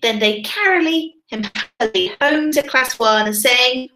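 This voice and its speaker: A woman teacher, reading a picture book aloud to children in a sing-song, expressive way and asking them questions. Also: high-pitched, measured pace, hardly any pauses, slight background noise. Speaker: primary school teacher. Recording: roomy echo.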